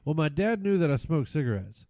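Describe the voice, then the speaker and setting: A man's voice: fairly high pitch, sing-song, brisk, warm tone, dry recording. A man in his forties, a podcast co-host telling crude stories in casual chat, laughing often. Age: 40s.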